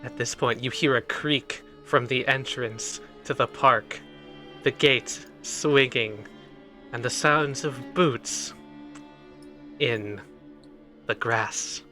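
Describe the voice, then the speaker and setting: A man running a tabletop role-playing game as game master, narrating scenes and explaining rules in an animated way. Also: medium pitch, takes it slowly, pauses often, soft background music. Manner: animated, laughs between lines.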